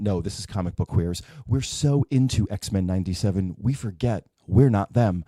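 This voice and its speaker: A man co-hosting a casual podcast, animated and laughing often. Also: deep voice, normal speed, few pauses, no echo, studio quality. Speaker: podcast co-host.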